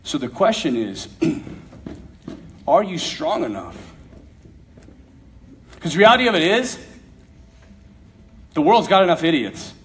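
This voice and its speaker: A man's voice: a little high, big pitch swings, slow pace, long pauses, a bit bright. A man giving an emphatic, conversational sermon-style talk to a young audience, with humor mixed in. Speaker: speaker addressing a youth audience.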